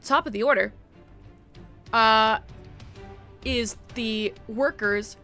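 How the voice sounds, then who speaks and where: A woman acting as game master, narrating a tabletop game briskly with filler ums. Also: on the high side, bright, forceful tone, soft background music.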